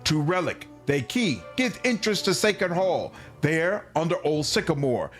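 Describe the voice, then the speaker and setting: A man's voice: on the high side, big pitch swings, measured pace, fairly bright tone, soft background music. A man voicing a female mite warrior queen who speaks in simple, broken sentences. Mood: wistful. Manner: simple broken speech, wistful.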